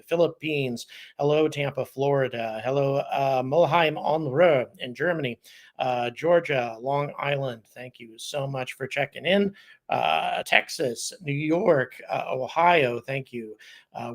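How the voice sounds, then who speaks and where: A man's voice: medium pitch, fairly bright tone. A middle-aged American man hosting a live space show, talking casually, with frequent ums and uhs as he greets viewers. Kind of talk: casual livestream chat.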